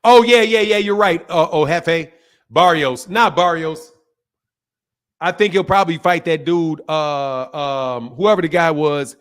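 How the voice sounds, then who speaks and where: A high-pitched man hosting a boxing talk show, ranting in a loose, heated way. He repeats himself, swears freely and jabs at his viewers with blunt scorn. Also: measured pace, smooth. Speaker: boxing channel host. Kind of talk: heated casual boxing commentary.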